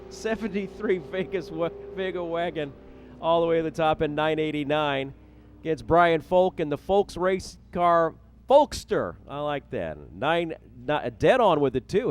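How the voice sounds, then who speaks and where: A man with a slightly raised voice calls a drag strip live, rattling off racers, hometowns and times. He mixes the numbers with jokes at his own expense. Loud race cars roar behind his voice. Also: a little high, slight background noise. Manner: jokey, self-deprecating, rattles off names and times. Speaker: drag racing announcer.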